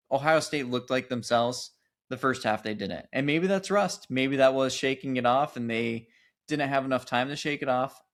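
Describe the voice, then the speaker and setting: Man, podcast co-host, casual sports chat, animated and halting, mid pitch. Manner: animated, thinking aloud with restarts.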